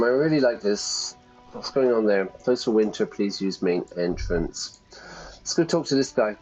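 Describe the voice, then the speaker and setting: A man's voice: fairly low pitch, expressive, normal speed, a little mellow, faint music behind. A man, a teacher chatting casually while playing a game and explaining words as he goes. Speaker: English teacher. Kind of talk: let's-play lesson, casual commentary. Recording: dull lo-fi sound.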